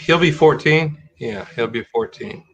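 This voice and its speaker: A man's voice: on the high side, a little slow, fairly bright tone. A middle-aged man hosting a live-streamed talk show in casual chat, rambling and restarting his sentences as he thinks aloud.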